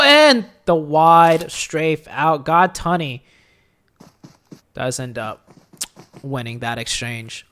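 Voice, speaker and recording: A solo esports caster streaming play-by-play from a home setup. The voice drifts between offhand chatter and sudden excited calls whenever the shooting starts. Faint game gunfire runs underneath. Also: mid-range voice, slight background noise. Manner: chatty and offhand in lulls, bursting into excited calls during fights.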